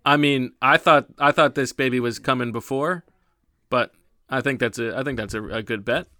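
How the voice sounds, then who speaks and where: A man's voice: mid-range voice, moderate pace, pushed and bright, dry recording, clean studio sound. A man on a podcast panel, carefully clarifying the rules of the bets. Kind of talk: casual podcast chat.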